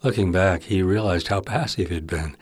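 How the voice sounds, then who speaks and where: A man's voice: low-pitched, normal speed, husky, dry recording. A man narrating literary fiction in a wry, intimate storytelling manner.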